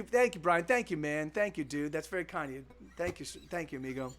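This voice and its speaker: A man's voice: on the high side, expressive, fast, fairly bright tone. Frustrated young man rambling on a livestream. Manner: rambling, restless, many restarts and fillers; frustrated, swears often. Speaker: livestreaming musician. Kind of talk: casual livestream chat.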